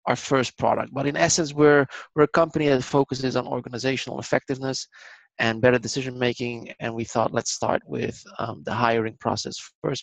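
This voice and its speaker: A man speaking as a guest on an online business seminar, explaining in a measured way with filler ums, over a video call. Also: medium pitch, vocal fry, dry recording, rough recording. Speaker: company guest.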